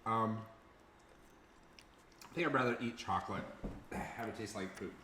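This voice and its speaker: A man's voice: fairly low pitch, a little slow. A young man co-hosting a casual podcast chat, playful and laughing, coughing from something very spicy. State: coughing from spice. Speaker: podcast co-host. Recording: echoey room, faint noise.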